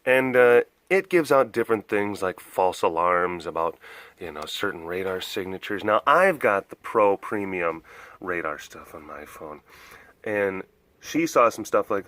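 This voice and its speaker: A man's voice: low voice, expressive, unhurried, a bit bright, no room sound. A young man vlogging at a big cat enclosure, rambling through a story and acting out other voices. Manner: chatty, often acts out other voices, laughs a lot.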